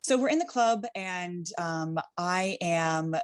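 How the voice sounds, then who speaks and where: A young adult woman telling a comedic party story in casual chat, animated and laughing, with lots of fillers. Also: lowish voice, slow pace, clear, resonant tone, no room sound. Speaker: guest storyteller.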